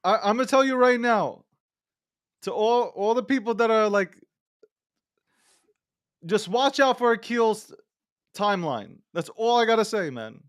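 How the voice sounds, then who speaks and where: Fast-swearing, joking male podcast host. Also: sits high, smooth, dry recording, clean studio sound. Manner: animated, profane, laughing storyteller. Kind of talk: casual podcast banter.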